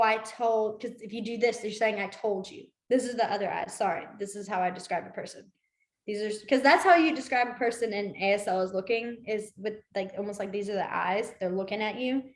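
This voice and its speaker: A woman's voice: medium pitch, reverberant. A woman teaching a beginner sign language class in a chatty way, with many fillers and frequent laughs. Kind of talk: casual class instruction.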